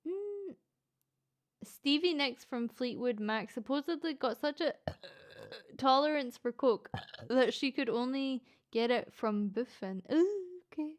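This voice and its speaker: A Scottish woman chatting casually on a live stream as she reads chat, playful and quick to laugh, with the odd swear word. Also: sits high, lively intonation. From Scotland. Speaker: VTuber streamer reading chat.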